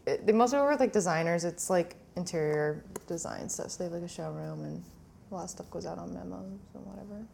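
Young woman, from the Bay Area, rambling casual talk, lowish voice, podcast guest. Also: fast talker, vocal fry, darkish tone. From California, Bay Area. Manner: rambling, filler-heavy, offhand. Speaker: guest comedian.

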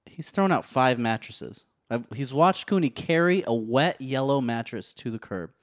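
A man's voice: mid-range voice, lively intonation, normal speed, no room sound, studio quality. A man co-hosting a comedy podcast, bantering in a playful, mock-outraged way. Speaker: podcast co-host. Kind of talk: casual comedy podcast chat.

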